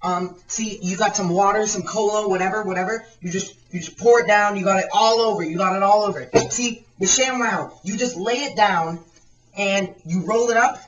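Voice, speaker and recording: A woman doing a parody infomercial pitch, rambling and repeating herself. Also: normal speed, highs cut off. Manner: rambling, repetitive sales patter. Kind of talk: mock infomercial. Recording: echoey room, far from the mic.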